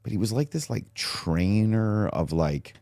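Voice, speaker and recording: A man's voice: on the low side, a little slow, vocal fry, no echo, clean studio sound. A man, an acting teacher and guest on a podcast, telling stories casually with lots of fillers. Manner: animated storytelling, full of "like" fillers.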